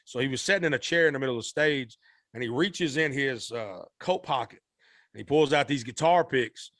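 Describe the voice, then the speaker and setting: A man's voice: medium pitch, a little fast, no echo, studio quality. A man, a singer guest on a podcast, telling a story animatedly and acting out the people in it. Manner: animated, acts out quoted voices.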